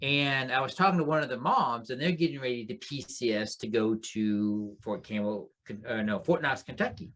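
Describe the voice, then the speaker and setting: A middle-aged man speaking as a panelist in a relaxed, conversational way. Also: mid-range voice, moderate pace, few pauses. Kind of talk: casual panel chat.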